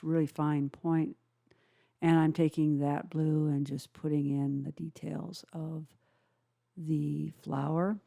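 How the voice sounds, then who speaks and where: Low, mellow-voiced woman teaching painting. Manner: unhurried, explains each step, frequent "uh" pauses. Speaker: watercolor instructor. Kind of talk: calm painting tutorial narration.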